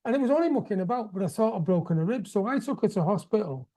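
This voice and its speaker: A man's voice: high-pitched, lively intonation, quick pace, warm tone. A man hosting a casual chat, telling a story in a hesitant way with many restarts. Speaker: host.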